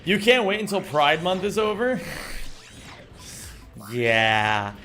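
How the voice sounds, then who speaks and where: Animated high-voiced man streaming a speedrun. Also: moderate pace, soft background music. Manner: reads chat aloud, swears, excitable outbursts. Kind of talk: casual live-stream chat.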